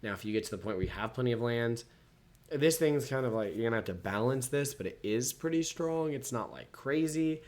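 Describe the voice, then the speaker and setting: A man's voice: mid-range voice, animated, brisk, darkish tone. A man casually reading card text aloud and rating each card out of ten, yawning now and then. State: yawning, sleepy. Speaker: card game reviewer. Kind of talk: casual set review, reading cards aloud.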